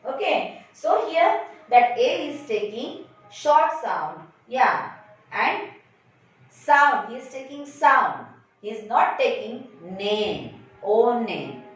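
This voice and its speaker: Slow, lively Indian teacher in an echoey room. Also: female voice, a little high, far from the mic. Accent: Indian English. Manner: slow, coaxing teacher talk that asks and answers its own questions. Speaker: kindergarten teacher. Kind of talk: online phonics lesson for young children. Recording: echoey, lo-fi recording from off-mic.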